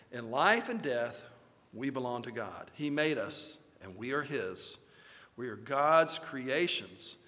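Pastor, male, sermon delivery, lively storyteller, bright higher voice, hall echo. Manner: storytelling, acts out voices with rising force.

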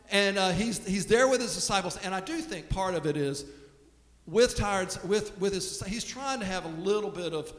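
A man preaching a sermon in a relaxed, storytelling way, often restarting his sentences, recorded in a church sanctuary. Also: high-pitched. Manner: conversational storytelling, with frequent restarts. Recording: echoey hall with long reverb.

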